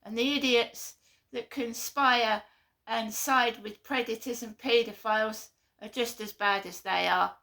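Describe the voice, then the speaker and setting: A woman's voice: a little high, fairly even intonation, a little slow, sharp tone. A woman giving a blunt, earnest vlog monologue, often repeating herself. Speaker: vlogger. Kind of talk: impassioned monologue.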